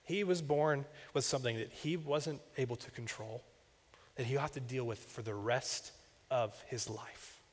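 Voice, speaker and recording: This young campus minister's sermon feels like a conversation, built on personal stories and asides. He speaks at a medium pitch and moderate pace. A large church hall gives the audio a long reverb.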